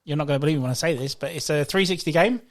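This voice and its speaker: A man's voice: on the high side, racing. A man co-hosting a podcast, telling stories in a casual chat among friends and laughing often. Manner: animated storyteller, laughs often. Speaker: podcast co-host.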